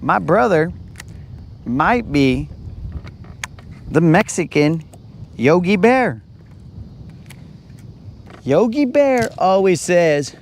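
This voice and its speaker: Fishing from a boat on a lake, a man banters and teases his brother in a casual live stream. His voice is high and creaky with lively intonation, and he speaks extremely slowly with frequent pauses.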